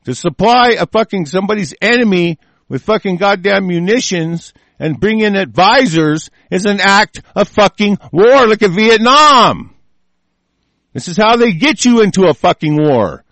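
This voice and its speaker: A man's voice: high-pitched, lively intonation, normal speed, fairly bright tone, no room sound. A man in a furious, profanity-laden solo rant, commenting on the news. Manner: furious, heavily profane ranting. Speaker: political commentator.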